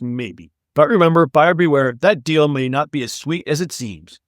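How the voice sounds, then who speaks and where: A man's voice: on the high side, no room sound, studio quality. A man co-hosting a retail news podcast, reading the stories with wry, sarcastic asides in casual chat. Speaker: podcast co-host.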